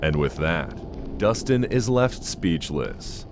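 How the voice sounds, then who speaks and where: A man giving a scripted horror-list narration in a slow, ominous storytelling manner. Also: sits low, very animated, background noise. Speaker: narrator of a countdown list video. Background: soft background music.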